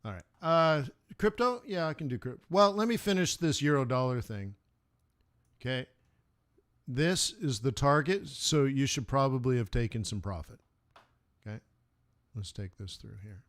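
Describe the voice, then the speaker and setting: A man's voice: medium pitch, expressive, moderate pace, fairly bright tone, dry recording, clean studio sound. A man hosting a live trading stream, chatting casually and rambling through anecdotes. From United States. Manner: rambling storyteller, laughs at his own anecdotes. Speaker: forex trading stream host.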